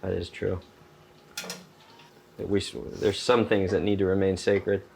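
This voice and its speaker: A man's voice: low voice, little pitch movement, a little slow, vocal fry, a little hiss or hum, rough recording. A chatty, jokey man hosting a casual cooking demonstration in a home kitchen. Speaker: chef host. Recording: loud sizzling pan behind voice. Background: frying and sizzling.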